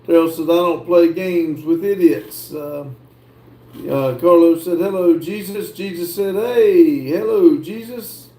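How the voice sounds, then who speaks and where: A man hosting a livestream, reading viewer comments aloud and answering them in a slow, drawling way. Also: on the high side, warm tone. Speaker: livestream host reading chat. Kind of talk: casual chat. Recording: echoey room.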